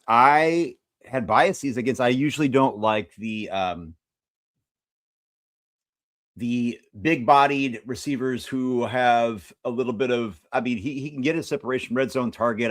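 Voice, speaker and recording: A man's voice: medium pitch, moderate pace, no room sound, studio quality. A man joining a casual sports stream as a guest, thinking aloud and often restarting his sentences.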